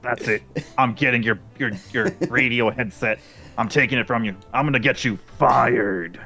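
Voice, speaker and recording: Pompous police dog lieutenant, put on by a man, indignant and scolding, gravelly voice. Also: mid-range voice, steady tone, moderate pace, pushed and bright, soft background music. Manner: indignant, scolding, demanding respect.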